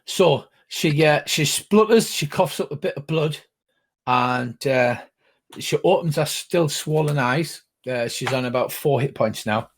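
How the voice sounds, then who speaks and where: An older man narrating as game master, explaining rules with halting, rambling speech. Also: fairly high pitch.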